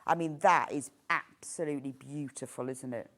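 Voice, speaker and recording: A woman presenting products on a live TV shopping show, gushing and enthusiastic as she shows them off, and quick to laugh. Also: a bass voice, fairly bright tone.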